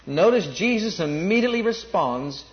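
A man preaches in a notably high voice, pressing his points by repeating phrases and rising to excited peaks. The recording is dull and lo-fi. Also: moderate pace. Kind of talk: sermon.

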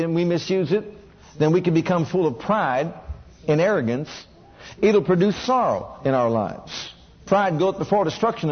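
Male preacher, high and breathy-husky, questioning call-and-response sermon, muffled lo-fi recording. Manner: asks the congregation questions and has them repeat lines.

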